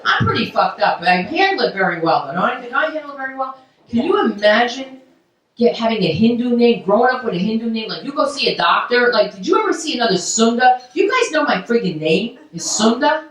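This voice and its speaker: Brash woman comic, animated and loud. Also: on the high side, fairly quick. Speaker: stand-up comedian. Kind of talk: stand-up comedy set. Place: comedy club stage. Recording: roomy club sound from far off.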